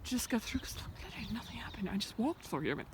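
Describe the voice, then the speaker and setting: A woman's voice: fairly high pitch, big pitch swings, fast, a little hiss or hum. Rambling woman vlogging outdoors. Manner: rambling, thinking aloud, often drops to a whisper. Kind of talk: reflective walking vlog. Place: outdoors in the countryside by a fence. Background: birds and sheep in the open air.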